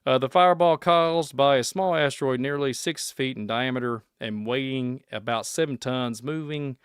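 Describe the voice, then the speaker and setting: A man with a Kentucky accent rambles through posts and headlines in a loose, folksy commentary. He repeats his points and drifts into preachy warnings. His voice is smooth and resonant at an ordinary pitch, recorded dry and close. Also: normal speed, dry recording. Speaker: podcast host. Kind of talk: casual commentary reading posts and news.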